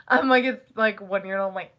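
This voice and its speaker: Young woman, casual rambling chat, bright clear tone, giggly. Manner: rambling, giggly, acts out quotes in high voices. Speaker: vlogger.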